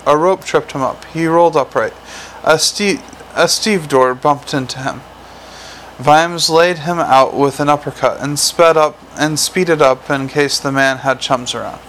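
A man narrates a storybook in a measured, dry voice. His pitch sits a little higher than usual for a man. A faint ambient hiss runs under the recording. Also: a bit bright, poor audio. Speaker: audiobook narrator.

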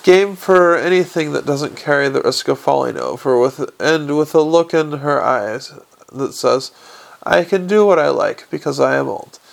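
A guy doing a smooth-talking con man, wry and kinda guarded, bit higher voice. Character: wry charming young male con man. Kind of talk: audiobook character reading.

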